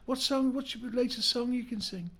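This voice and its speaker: Gravelly older comedian. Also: male voice, very high voice, a crowd in the background. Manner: rambling joke-telling storyteller with quick impressions. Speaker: comedian guest. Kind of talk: casual anecdotal chat.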